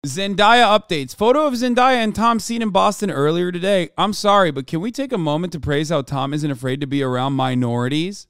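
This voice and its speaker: A man's voice: high voice, brisk, few pauses, fairly bright tone, smooth, dry recording, clean studio sound. A man hosting a podcast, reading tweets aloud and mocking them in a sarcastic, profane comedic commentary. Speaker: podcast host.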